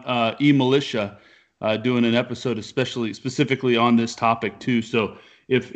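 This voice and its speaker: A man's voice: mid-range voice, dull audio. Rambling male podcast host at home. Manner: rambling, talks in loose restarts. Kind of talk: casual podcast chat. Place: living room at home.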